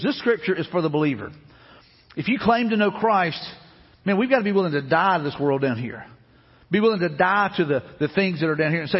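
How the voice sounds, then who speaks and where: A man's voice: high-pitched, breathy edge, big-room sound, dull audio. A man preaching a sermon as pastor in a church, earnest and repetitive, speaking prayers aloud. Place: church sanctuary.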